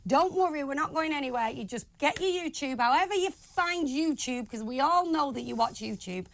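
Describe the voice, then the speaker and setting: A woman with a high voice co-hosts a late-night show, teasing her partner and laughing often. Her pitch swings widely as she banters. She keeps a quick, playful tone with him and the viewers. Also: expressive. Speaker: co-host.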